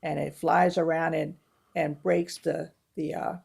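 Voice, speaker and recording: A woman co-hosting a casual film review chat, retelling movie scenes with animated storytelling. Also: low-pitched, unhurried, creaky, breathy edge. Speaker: podcast co-host.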